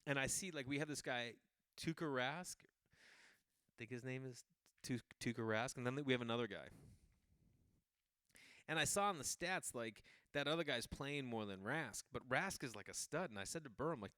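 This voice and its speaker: A man from the Boston area hosting a podcast, telling casual comic stories in an animated, chatty way. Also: mid-range voice, normal speed, pauses often, no echo, clean studio sound. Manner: animated, jumps into quoted voices, loose and chatty. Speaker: podcast host.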